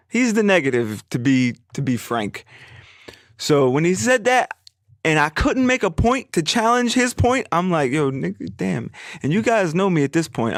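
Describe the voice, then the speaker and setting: Young man, podcast host, high lively voice, rambling, swears a lot, dry close mic. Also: no echo. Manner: rambling, animated, swears a lot, acts out quoted friends. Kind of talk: casual solo podcast storytelling.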